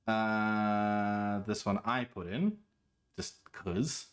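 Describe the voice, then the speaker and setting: A man's voice: fairly low pitch, extremely slow, soft background music. A man streaming from home, chatting casually and playfully with his viewers. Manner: playful, animated, quotes lines in different voices. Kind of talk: casual chat.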